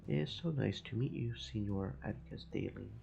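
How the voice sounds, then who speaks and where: A man's voice: fairly low pitch, normal speed, gravelly, warm tone, slight background noise, rough recording. A man voicing a proud, amorous Spanish fishmonger in a theatrical put-on Spanish accent, over game music. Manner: theatrical, lovesick.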